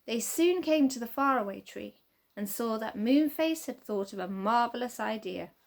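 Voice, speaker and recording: A woman reading a children's storybook aloud with expressive, sing-song narration. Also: fairly high pitch, moderate pace, vocal fry.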